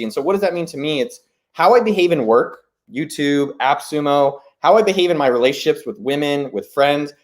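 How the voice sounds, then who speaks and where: A man hosting a live stream, talking in a casual, rambling way, excited and swearing freely. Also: a little high. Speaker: host.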